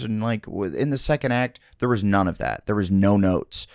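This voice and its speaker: A comedian guest on a podcast, telling loose stories in casual chat and swearing freely. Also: male voice, fairly low pitch, sing-song, moderate pace, darkish tone, no echo, clean studio sound. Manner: loose, swearing storyteller with quoted voices.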